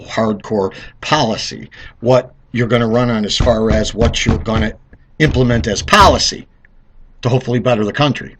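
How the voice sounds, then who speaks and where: A man's voice: medium pitch, pushed and bright, breathy edge. A man of Italian heritage giving a rambling, sarcastic political commentary monologue, talking straight to the listener.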